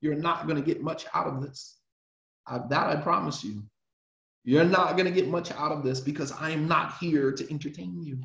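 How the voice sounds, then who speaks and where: Impassioned imam in a roomy, dull recording. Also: male voice, on the high side, moderate pace, gravelly, a bit bright. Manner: emphatic, impassioned, repetitive. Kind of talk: religious class lecture.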